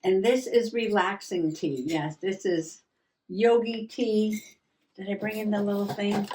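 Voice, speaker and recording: A woman hosting a relaxed, chatty journaling vlog at her craft table, musing aloud with soft laughs. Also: mid-range voice, normal speed, slight background noise. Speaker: journaling vlogger. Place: home craft table indoors. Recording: voice a little distant from mic.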